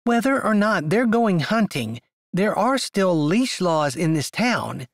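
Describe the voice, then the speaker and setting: A man reading aloud puts on a short, proper young woman with a prim, clipped, haughty way of speaking. Her voice sits high and pushes louder than the narration around it, and it is close and dry. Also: very animated, measured pace, no room sound. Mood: condescending.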